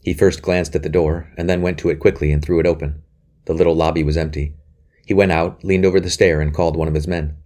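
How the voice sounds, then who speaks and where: A man narrating a historical novel, measured and earnest. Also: a bass voice, level tone, mellow. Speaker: audiobook narrator. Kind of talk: scripted narration.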